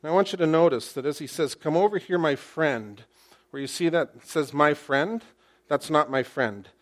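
Guy preaching to his church, animated storyteller, keeps asking the room questions, dry jokes in between. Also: a little high, normal speed. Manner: lively storytelling preacher with rhetorical questions and wry humor. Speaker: pastor. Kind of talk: sermon. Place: church, speaking to a congregation with slides.

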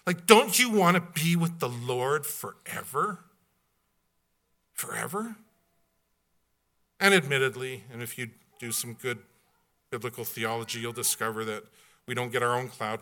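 A man preaching a sermon, blunt and folksy, swinging from loud outbursts to hushed asides. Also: medium pitch, normal speed, long pauses. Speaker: pastor.

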